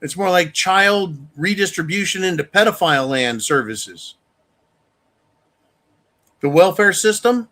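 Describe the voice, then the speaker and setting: A man's voice: sits high, a bit bright. A man hosting a show, delivering an angry, profane monologue rant. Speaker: show host. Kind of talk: opinion monologue.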